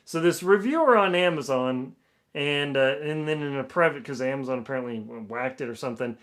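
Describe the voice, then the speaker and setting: A man's voice: medium pitch, brisk, fairly bright tone. A man streaming live as he works, chatting casually, laughing, and thinking aloud. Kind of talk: casual live-stream chat while working.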